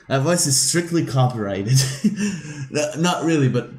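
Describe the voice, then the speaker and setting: A man's voice: a little high, expressive, a little slow, darkish tone. A man casually commenting as he plays a video game, chatty and self-mocking. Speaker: let's play host. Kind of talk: casual let's play commentary. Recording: roomy room with game music.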